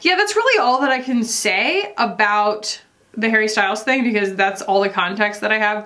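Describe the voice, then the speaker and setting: A woman's voice: medium pitch, a bit bright. A woman beauty vlogger chatting casually while doing her makeup, gossipy, with lots of fillers.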